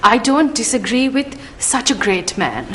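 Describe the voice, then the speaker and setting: A woman's voice: fairly high pitch, very animated, measured pace, fairly bright tone, a little hiss or hum. A woman with a Sri Lankan English accent in scripted comic banter, gushing and calling everyone darling. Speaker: comedy sketch host.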